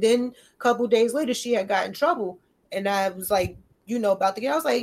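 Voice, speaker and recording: A woman chatting casually about her kids. She tells it with lively energy, slangy and profane, and jumps between voices to act out both sides of a back-and-forth. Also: a little high, brisk. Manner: animated storytelling, acting out dialogue in shifting voices. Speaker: mother telling stories about her kids. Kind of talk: casual podcast chat.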